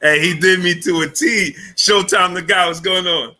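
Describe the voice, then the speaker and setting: A man's voice: high voice, fairly even intonation, moderate pace, sharp tone. A man hosting a casual sports livestream, greeting viewers by name one after another, with many fillers and repeats. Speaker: livestream sports show host. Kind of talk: casual live chat reading viewer names.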